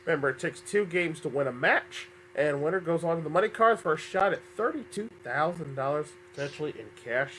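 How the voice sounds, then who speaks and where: Male game show host, bright tone, upbeat, self-correcting, slightly under the weather. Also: a little high, expressive, a little fast, few pauses, a little hiss or hum. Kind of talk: fan-made game show hosting.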